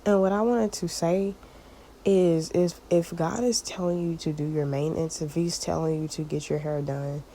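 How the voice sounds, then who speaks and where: A woman's voice: lowish voice, steady tone, moderate pace, mellow, slight background noise, rough recording. A woman chatting casually to her viewers about a spiritual message, rambling and searching for words, with lots of fillers and calling them y'all. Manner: addresses listeners as y'all. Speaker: channel host giving a prophetic word. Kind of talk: casual spiritual vlog talk.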